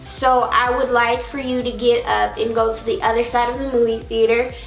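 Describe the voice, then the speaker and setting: A woman's voice: fairly high pitch, little pitch movement, moderate pace, natural voice. Woman mimicking a fussy annoyed moviegoer lady. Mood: prim complaint. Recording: roomy echo, faint music behind.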